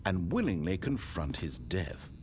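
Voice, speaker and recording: A calm, ominous game narrator. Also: male voice, sits low, background noise. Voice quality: composed, measured, faintly ominous. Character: calm dry male storybook narrator of a game. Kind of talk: scripted narration.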